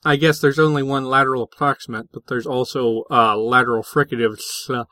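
A man's voice: mid-range voice, steady tone, a little fast, sharp tone, no echo. A man co-hosting a podcast, explaining linguistics in a casual, hesitant way with many fillers and restarts. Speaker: podcast co-host.

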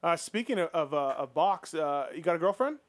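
A man's voice: fairly high pitch, expressive, brisk. Joking male radio host. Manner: loose and joking, with fillers. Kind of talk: casual radio chat.

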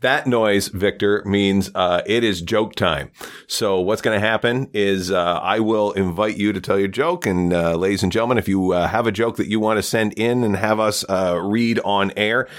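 Deep-voiced male podcast host. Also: moderate pace. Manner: relaxed, filler-heavy announcer patter. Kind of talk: casual podcast hosting.

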